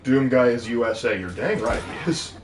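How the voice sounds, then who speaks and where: A man's voice: medium pitch, animated, fairly quick, faint music behind. A man co-hosting a game stream, reading out viewer questions and adding dry jokes. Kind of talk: casual gameplay chat. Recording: roomy, distant mic with faint noise.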